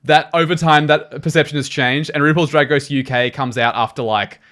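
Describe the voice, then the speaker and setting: A man's voice: a little high, fairly even intonation, fairly quick, a bit bright. A man co-hosting a podcast, chatting enthusiastically with lots of fillers and restarts. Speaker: podcast co-host. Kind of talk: casual chat.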